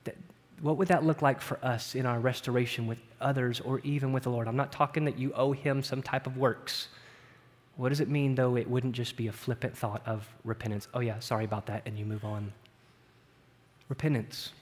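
A middle-aged man preaching a sermon in a conversational way, often asking "right?" and moving between loud, lifted passages and hushed ones. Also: medium pitch, steady tone, moderate pace. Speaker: pastor. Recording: long hall reverb.

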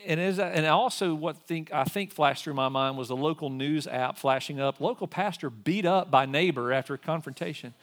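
A man's voice: a little high, normal speed, hardly any pauses. A man in his forties, a pastor telling a personal story in a sermon and acting out both sides of an argument. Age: 40s.

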